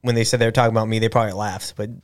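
A man's voice: fairly low pitch, level tone, racing, clean tone. A man hosting a podcast, talking in a rambling, stop-start way with lots of restarts as he retells a story. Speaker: podcast host. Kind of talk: casual chat.

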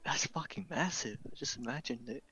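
A man's voice: mid-range voice, fairly quick, sharp tone, husky. A man playing a tabletop game, speaking casually and laughing often. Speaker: player.

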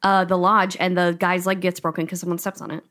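A woman's voice: lowish voice, little pitch movement, fairly quick, a bit bright. A woman co-hosting a podcast in casual chat, playful and competitive, laughing often. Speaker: podcast co-host.

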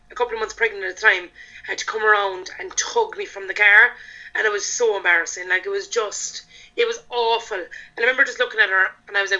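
An Irish woman, a podcast guest, telling her own story in a frank, animated way and swearing freely. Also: mid-range voice, muffled recording. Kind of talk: candid storytelling in casual chat.

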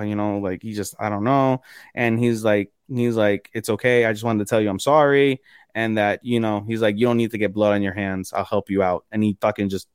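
A man co-hosting a podcast, casually recapping episodes in an animated way, acting out characters' lines and swearing freely. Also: mid-range voice, smooth, no echo, studio quality. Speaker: podcast co-host.

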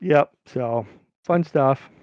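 A middle-aged man from California casually telling a long, rambling story, his voice jumping up high when he quotes people. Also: drawn-out words, a little mellow, no echo, lo-fi sound. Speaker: podcast guest.

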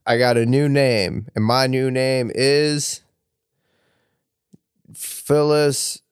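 A man's voice: mid-range voice, very slow, clean tone, no room sound, clean studio sound. A man co-hosting a podcast in casual chat, mostly giving short agreeing replies with joking asides. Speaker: podcast co-host.

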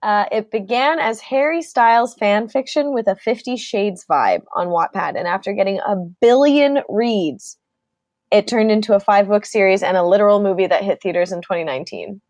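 A young woman co-hosting a casual chat, relaxed and giggly, reading out descriptions. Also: medium pitch, moderate pace, no room sound. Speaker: co-host.

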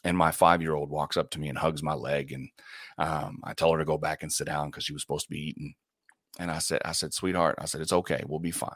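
A man who hosts a radio morning show, a guest in an interview, telling faith stories in an earnest, animated way, often restarting and laughing. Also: rumbling low, fast, dry recording, studio quality. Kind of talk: faith-centered interview storytelling.

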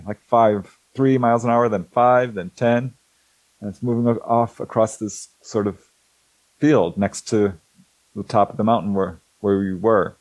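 A middle-aged man, a guest in an interview, telling a personal story in a casual, animated way and acting out the dialogue as he goes. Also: fairly low pitch, dry recording, rough recording. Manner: hesitant restarts and fillers.

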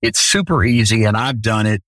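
A man's voice: on the low side, sing-song, normal speed, a bit bright, dry recording, rough recording. A middle-aged man telling an earnest personal story in a conversation.

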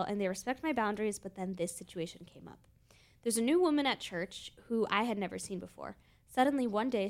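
A young woman co-hosting a casual podcast, reading stories aloud and sharing her opinions in a chatty way. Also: medium pitch. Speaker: podcast co-host.

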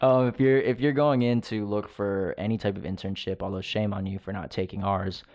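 A man's voice: fairly low pitch, fairly even intonation, brisk, a little mellow. Laughing, profane male podcast co-host. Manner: jokey, profane, laughs often. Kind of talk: casual podcast banter.

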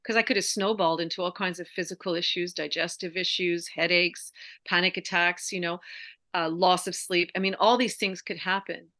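A woman's voice: lowish voice, fairly even intonation, moderate pace, bright, forceful tone, dry recording. A middle-aged woman, a yoga teacher and interview guest, speaking in a reflective, earnest way. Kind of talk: conversational interview.

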